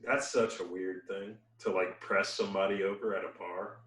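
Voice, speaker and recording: A man's voice: sits low, fairly even intonation, normal speed, fairly bright tone. A man co-hosting a podcast in casual chat, teasing his friend with short wisecracks. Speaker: podcast co-host. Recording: roomy, from off-mic.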